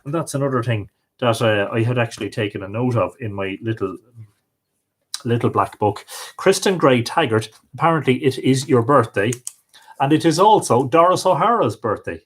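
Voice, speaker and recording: A man's voice: mid-range voice, expressive, moderate pace, husky. A middle-aged man with an Irish accent hosting a live stream, reading out viewers' comments and greeting each one by name. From Ireland. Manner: friendly, reads comments aloud.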